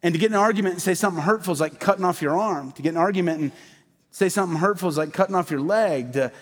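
High-voiced pastor preaching in a hall. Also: male voice, rapid-fire. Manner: conversational, animated preaching with asides. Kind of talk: sermon. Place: church sanctuary. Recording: hall reverb.

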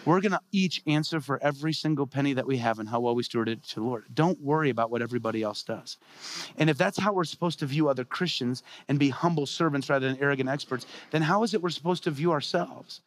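A man's voice: mid-range voice, fast talker. A man preaching a sermon as a pastor, conversational and full of rhetorical questions.

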